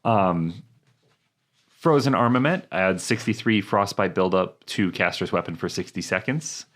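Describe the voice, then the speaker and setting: Male podcast co-host with a very low voice; reads game text with fillers, relaxed banter. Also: unhurried. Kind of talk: casual chat, reading game descriptions.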